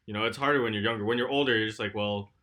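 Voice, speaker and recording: A man's voice: on the low side, fairly even intonation, very fast, sharp tone. A man co-hosting a casual podcast chat, laid-back and agreeable, swearing casually. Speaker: podcast co-host.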